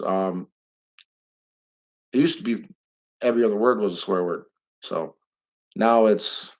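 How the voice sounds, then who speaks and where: A middle-aged man talks off the cuff on a live stream, blunt and rambling, quick to get heated and let a curse slip. His voice sits at an ordinary middle pitch. The sound is dull and lo-fi, like cheap streaming audio. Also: vocal fry. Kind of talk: casual live-stream monologue.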